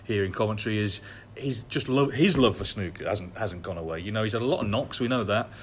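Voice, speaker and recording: A man's voice: fairly low pitch, brisk, a little hiss or hum. A man hosting a podcast, steering the conversation and moving it on to the next topic. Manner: steers the talk and moves between segments. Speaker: podcast host. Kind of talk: podcast presenting.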